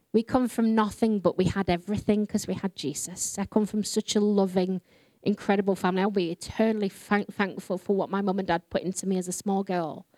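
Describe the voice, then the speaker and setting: A woman's voice: medium pitch, mellow, no echo. A woman from England with a Yorkshire accent, giving a sermon-style testimony to a congregation and telling her story in an earnest, self-deprecating way. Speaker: ministry leader speaking to a congregation.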